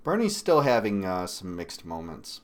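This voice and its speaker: A man from Michigan hosting a political commentary livestream. He talks bluntly and swears often, with sudden loud bursts between quieter asides. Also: low-pitched, huge pitch swings, normal speed. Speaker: livestream host.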